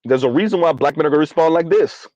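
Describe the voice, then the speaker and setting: A man's voice: on the high side, fast talker, a little mellow, no echo. Emphatic man streaming commentary, dull audio. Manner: emphatic and preachy, repeats lines for effect. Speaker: livestream commentary host. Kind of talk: live-streamed opinion commentary reading viewer comments.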